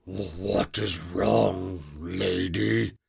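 A man voicing a squat, warty green monster who growls slow, menacing threats in a storybook. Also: sits low, steady tone, creaky, a little mellow, breathy edge, exaggerated voice. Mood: puzzled.

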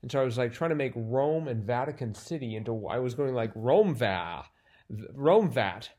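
A man's voice: medium pitch, quick pace, dark tone. Rambling man chatting about a puzzle. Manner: rambling, self-interrupting, lots of fillers. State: sleepy. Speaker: crossword podcast co-host. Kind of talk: casual chat.

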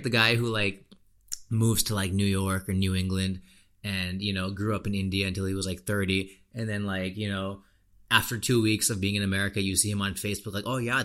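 A young man hosting a podcast, ranting casually in an animated, frustrated way with plenty of fillers. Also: fairly low pitch. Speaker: podcast host. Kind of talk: casual opinion rant.

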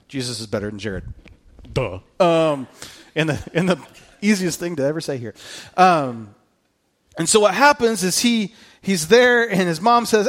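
A man preaching a sermon, telling the story in an animated way, with jokey asides and acted-out quotes. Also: high voice, moderate pace, long pauses. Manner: acts out the quoted lines. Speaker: pastor.

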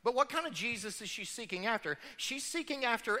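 A middle-aged man preaches a sermon in a church, pressing home his points with rhetorical questions. His voice sits high and bright, swinging widely in pitch. A long hall reverb trails each phrase. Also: lively intonation, a little fast, hardly any pauses. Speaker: pastor. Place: church sanctuary.

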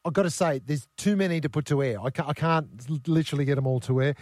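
An enthusiastic Australian man hosts breakfast radio from a studio mic. His voice sits a little high and sounds dry and close. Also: fast talker, a little mellow, no echo. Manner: enthusiastic, chatty. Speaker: radio host.

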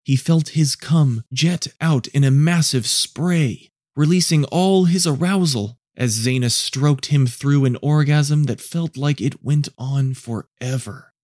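A man narrating and producing an audio story in a measured, low-key, hushed reading. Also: no room sound, studio quality.

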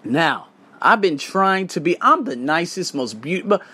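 A man's voice: on the high side, normal speed, slightly rough. A young American man with a casual, slangy, profane delivery, hosting a podcast monologue about his work as a teacher abroad. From United States. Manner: animated, profane, street slang. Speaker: podcast host.

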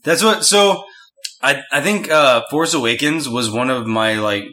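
A man co-hosting a casual podcast, talking in a bright, forward voice. He rambles and jokes, often restarting his sentences. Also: medium pitch, measured pace. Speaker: podcast co-host. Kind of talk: casual chat.

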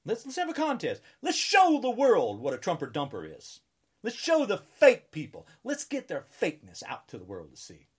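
A man in his sixties rants in a combative, taunting way and keeps hammering the same lines. His pitch swings wildly between high and low as he goes. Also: huge pitch swings, moderate pace, husky. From United States. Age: 60s. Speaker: political ranter. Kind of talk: angry political rant.

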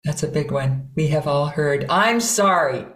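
A middle-aged woman, a voice coach, talking in an interview and demonstrating sounds with sudden loud bursts. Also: sits low, flat delivery, normal speed. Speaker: voice coach guest. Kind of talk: conversational interview. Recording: roomy echo.

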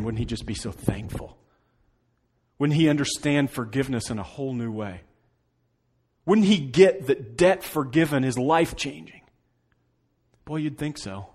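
A man preaching a sermon in a mid-pitched voice. He tells the story dramatically, rising to loud, pressing lines and then dropping to hushed, quiet ones. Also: slightly rough. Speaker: pastor.

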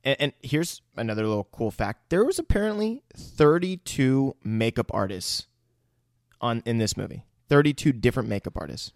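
A man's voice: mid-range voice, lively intonation, normal speed, vocal fry, dry recording, studio quality. A man in casual podcast chat, talking in a loose, drawling way and swearing casually. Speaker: podcast co-host.

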